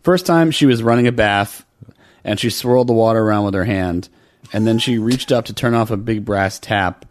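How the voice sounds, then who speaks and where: A man's voice: on the low side, normal speed. A man co-hosting a casual podcast, reading out a story with many fillers and restarts. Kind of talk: casual chat.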